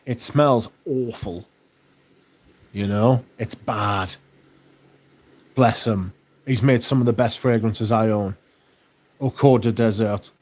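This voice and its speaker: A man hosting a livestream, chatting casually and reading out viewer comments, relaxed and enthusiastic with plenty of swearing. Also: on the low side, slow, pauses often. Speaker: livestream host.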